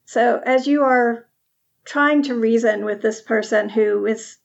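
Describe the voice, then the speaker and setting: Gravelly-voiced woman game master. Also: a little high, slow, muffled recording. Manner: descriptive, vivid narration. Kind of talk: narrating a tabletop game.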